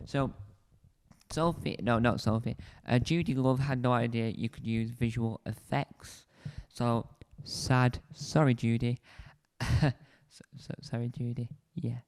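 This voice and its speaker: A man's voice: medium pitch, steady tone, slow, darkish tone. Chatty man rambling through a review. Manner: rambling, self-correcting, chatty. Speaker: show reviewer, video host. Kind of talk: casual solo review chat. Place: indoors, seated on a squeaky spinny chair. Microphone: desk mic close to the face.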